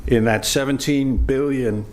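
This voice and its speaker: An older man from the United States, a former diplomat, giving reflective panel remarks in a measured, halting way with frequent filler sounds. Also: medium pitch, fairly even intonation, a little mellow.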